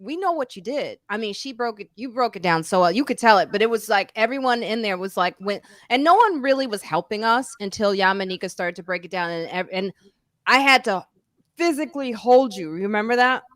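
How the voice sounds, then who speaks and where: A woman hosting a live-streamed podcast, jumping in quickly and recalling shared stories in casual chat. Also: mid-range voice, animated, a bit bright, dry recording, clean studio sound. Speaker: podcast host.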